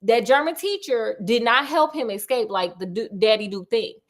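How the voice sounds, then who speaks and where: A woman's voice: on the high side, moderate pace. A woman host retelling a classic detective story in a casual, slangy, playful way with chatty asides to a friend.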